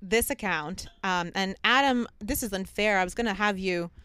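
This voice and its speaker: A woman co-hosting a podcast who tells a story in a relaxed way and laughs easily. Her voice is smooth and clear at a middle pitch, recorded dry and close. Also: moderate pace, no echo. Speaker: podcast co-host. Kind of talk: casual chat.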